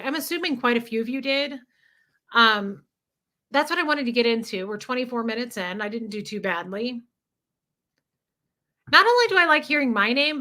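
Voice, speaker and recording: A woman's voice: on the high side, pushed and bright. A young woman hosting a casual livestream, chatting with viewers and reading out their names and comments. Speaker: livestream host.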